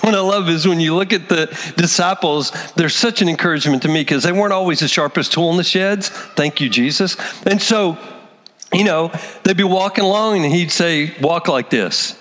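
A male pastor delivers an emphatic sermon to his congregation. His voice sits high, and it carries with a long reverb through the church. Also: fairly quick, a bit bright. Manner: earnest, emphatic preaching. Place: church sanctuary.

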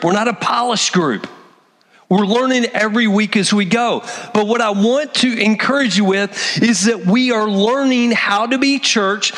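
High-voiced man preaching in a reverberant hall. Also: fairly bright tone. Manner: earnest, emphatic preaching. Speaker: pastor. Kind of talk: sermon. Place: church sanctuary. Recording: long church reverb.

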